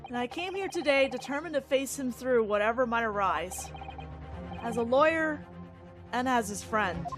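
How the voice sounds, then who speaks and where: A woman's voice: a little high, lively intonation, moderate pace, music in the background, close to an everyday voice. A woman voicing an earnest young male defense lawyer in a fan game dub. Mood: resolute.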